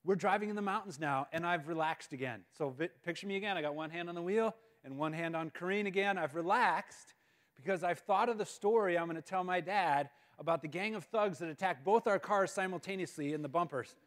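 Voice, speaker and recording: Guest speaker, male, higher voice; animated, self-deprecating storyteller. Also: a little fast. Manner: animated, self-mocking, repeats words. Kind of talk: humorous storytelling talk. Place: school auditorium. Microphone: live-stream mic.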